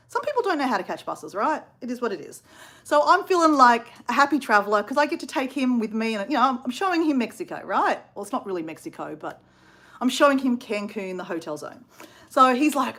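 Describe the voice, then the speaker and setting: Lively, chatty Australian woman in her fifties. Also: on the high side, fairly quick. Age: 50s. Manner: chatty, animated, asides to viewers. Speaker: storyteller. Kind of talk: casual travel storytelling.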